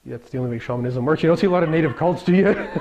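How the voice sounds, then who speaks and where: A man's voice: fairly high pitch, lively intonation, fast, a little mellow. A middle-aged man teaching Daoist ideas to a small group in a loose, joking, conversational way, laughing often and using many fillers. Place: room with a live group. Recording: dull lo-fi recording.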